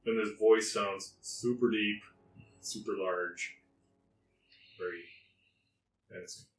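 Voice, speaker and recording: A man narrating a tabletop game as game master, relaxed, with fillers. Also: fairly low pitch, slow pace, a little hiss or hum. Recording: roomy room, faint music.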